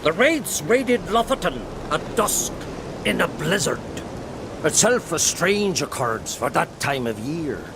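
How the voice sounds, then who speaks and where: A man's voice: fairly high pitch, sing-song, a little slow, noisy background. An actor voicing a learned old male druid who speaks in a formal, old-fashioned way, with heavy rain in the background. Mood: earnest. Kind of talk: video game dialogue. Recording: game audio with loud rain.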